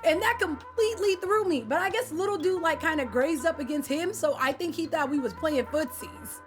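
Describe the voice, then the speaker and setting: High-voiced streamer woman chatting animatedly. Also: moderate pace. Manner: animated, slangy, talks to chat by name. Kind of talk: casual chat with viewers. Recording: faint music behind.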